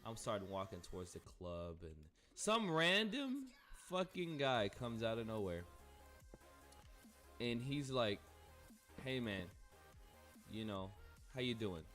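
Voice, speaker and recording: A man's voice: lowish voice, expressive, a little slow, long pauses, faint music behind. A young man casually telling a rambling, profane story while playing a game. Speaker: gaming streamer.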